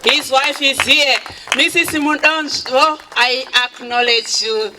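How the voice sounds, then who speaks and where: A woman speaks at a charity event in a high, bright voice. She takes her time, slipping between English and Shona and thanking people with open emotion. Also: slow, poor audio. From Zimbabwe. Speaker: charity founder giving a speech. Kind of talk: public speech at an event.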